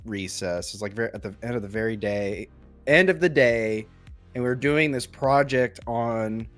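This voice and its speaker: A young man casually telling a childhood story on a podcast, rambling with many fillers and restarts. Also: on the low side. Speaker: podcast co-host.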